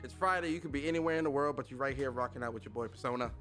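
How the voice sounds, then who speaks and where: A man's voice: mid-range voice, racing, a bit bright, faint music behind. A man hosting a casual livestream podcast, talking with energy and plenty of slang as he greets his chat. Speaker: podcast host.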